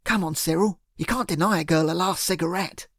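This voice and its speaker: A cool, wry young woman held captive, as a male narrator puts her on, lifting his voice a little higher for her. She answers with dry retorts and a gravelly edge in an audiobook reading, in a close, dead-dry sound. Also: a little fast, a bit bright, no room sound. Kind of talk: audiobook character voice.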